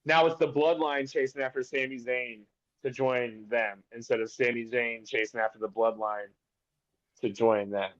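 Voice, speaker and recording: A man joining a wrestling podcast as a remote guest, relaxed and laughing easily as he chats. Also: mid-range voice, normal speed, no echo, lo-fi sound. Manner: relaxed, laughs easily, fantasy-booking enthusiastically. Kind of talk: casual wrestling podcast chat.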